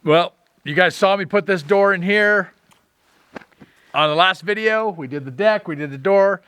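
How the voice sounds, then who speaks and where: A man's voice: sits high, moderate pace, a bit bright, clean tone. Folksy man chatting on his homestead. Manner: folksy, rambling with country sayings. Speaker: vlogger, homesteader. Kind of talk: casual chat.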